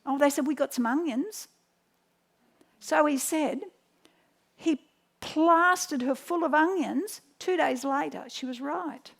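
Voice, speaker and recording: A woman's voice: sits high, slow pace, vocal fry, long pauses. A middle-aged woman, teaching home remedies through chatty anecdotes with many restarts. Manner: storytelling, animated quotes, frequent restarts. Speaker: health educator.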